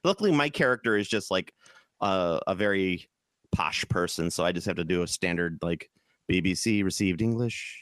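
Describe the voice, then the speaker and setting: A man from the American Midwest co-hosting a casual gaming podcast, talking in an animated, profane, jokey way. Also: low voice, moderate pace, dry recording, studio quality. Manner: animated, profane, jokey, slips into mock British voices. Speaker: podcast co-host. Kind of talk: casual chat.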